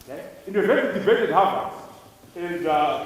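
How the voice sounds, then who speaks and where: A man's voice: high voice, animated, moderate pace. A man from Zimbabwe giving an emphatic conference speech to students, hammering key words through repetition. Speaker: conference speaker. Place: large lecture hall. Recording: echoey hall, speaker far from mic.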